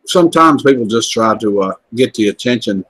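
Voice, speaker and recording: A man's voice: medium pitch, animated, fairly quick, fairly bright tone, breathy edge, no room sound. A man chatting in a laid-back, folksy way as a guest. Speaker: guest in the chat. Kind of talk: casual chat.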